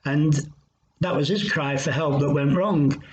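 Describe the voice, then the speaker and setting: A man giving a personal testimony in an earnest, reflective way, pausing as he tells his story. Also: fairly high pitch, steady tone, slight background noise. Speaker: Christian recovery speaker. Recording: dull lo-fi sound.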